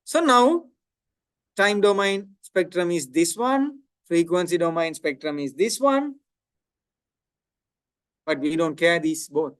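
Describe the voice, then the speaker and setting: Guy teaching a tech class, fairly high voice, dry close sound, keeps asking "right?". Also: expressive, takes it slowly, pauses often, smooth, dry recording. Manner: explanatory, repeats "right?" to check understanding. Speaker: lecturer. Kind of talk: technical lecture.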